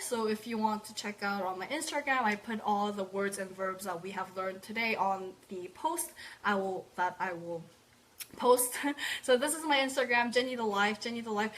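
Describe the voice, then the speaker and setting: Young woman, high voice, upbeat online language teacher who drills words by repetition. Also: a bit bright, slight background noise. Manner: repeats words slowly for practice, cheerful praise. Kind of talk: live online language lesson.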